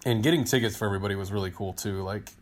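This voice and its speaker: Excited rambling man telling a story. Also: lowish voice, very fast. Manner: excited, rambling storyteller who acts out quotes. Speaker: podcast co-host, team digital director. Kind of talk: casual storytelling chat.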